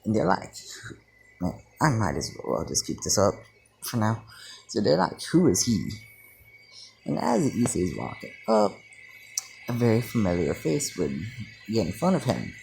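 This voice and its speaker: Young guy slowly rambling a fan story w/ slang, pitch bounces around, bit of hiss. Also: wildly swooping pitch, vocal fry, darkish tone.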